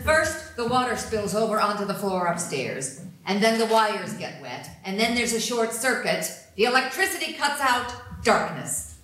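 A woman's voice: mid-range voice, expressive, moderate pace, a bit bright, a little hiss or hum, lightly acted. An actress playing a woman of the family, speaking in a rhythmic, dramatic way with sudden outbursts, recorded far away in a very echoey theater. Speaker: actor in a staged play reading. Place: theater stage. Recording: very echoey hall, mic far off.

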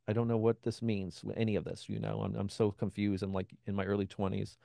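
Gravelly low-voiced man telling a story. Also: flat delivery, fast talker, few pauses, warm tone, no room sound, studio quality. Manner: acts out quoted voices of others; frequent "you know" and restarts. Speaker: interview guest, benzodiazepine withdrawal expert. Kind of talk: conversational personal storytelling.

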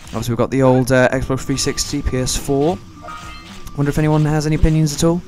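A man's voice: a little high, steady tone, fast talker, darkish tone. A young man giving casual, rambling, joking commentary while he plays a video game. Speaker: gameplay commentator. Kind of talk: casual let's play commentary. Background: game music.

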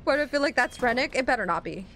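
A woman's voice: high-pitched, animated, rapid-fire, a bit bright, slight background noise. A young woman gaming streamer giving casual let's play commentary, playful and self-mocking, with frequent exclamations.

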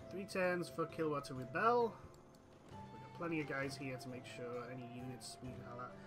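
A man's voice: mid-range voice, moderate pace, rough recording. A man giving casual let's-play commentary, chatting to his units and himself over game music. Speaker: gaming channel host.

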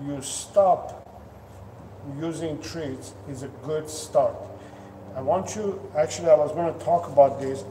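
A dog trainer with a slightly high, dark-toned voice gives earnest coaching advice straight to the camera, restarting often and using many fillers. The recording is echoey, with a distant mic and faint noise.

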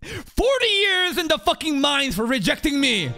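A young man streaming an anime reaction, talking casually and excitably, swearing often and mock-quoting the characters. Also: very high voice, normal speed, soft background music.

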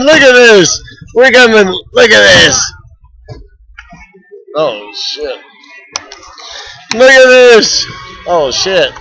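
A man's voice: high voice, fairly bright tone, slight background noise, poor audio. A man vlogging live outdoors on a flooded boardwalk, exclaiming and laughing as he talks into a handheld laptop mic. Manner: exclaiming, laughing, repeating himself. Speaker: street vlogger filming live. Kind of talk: excited live street commentary. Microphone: laptop built-in microphone, handheld.

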